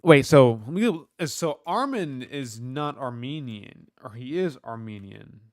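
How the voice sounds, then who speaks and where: An animated young man with a medium-pitched voice, speaking a little slowly, hosts a casual livestream from Kentucky. He reads the chat out loud and keeps up loose, swear-filled joking. The audio is studio quality with no room sound.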